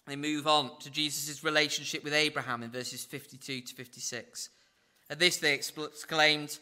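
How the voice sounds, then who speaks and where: A man giving verse-by-verse Bible teaching, acting out quoted lines with big swings in pitch and dropping in wry asides. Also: level tone, moderate pace, sharp tone.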